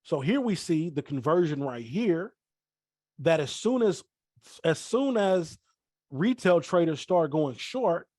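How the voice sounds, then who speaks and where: A man's voice: fairly high pitch, sing-song, takes it slowly, darkish tone, no echo, studio quality. Man teaching trading, repeating on purpose. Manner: repeats himself on purpose, addresses chat directly. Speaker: forex trading trainer. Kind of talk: live online training call.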